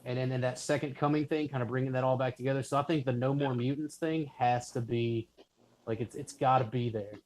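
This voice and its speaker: Male podcast guest, mid-pitched, eager and profane, loose casual delivery. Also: fairly quick, rough recording. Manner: excited, swears freely, searches for words. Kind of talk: casual chat.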